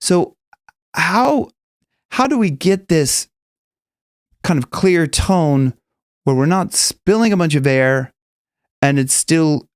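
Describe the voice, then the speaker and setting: A man's voice: animated, takes it slowly, long pauses, clear, resonant tone, no room sound. Casual male vocal coach, dry close sound. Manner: casual, rambling explanations with sung high examples. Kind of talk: singing lesson with demonstrations.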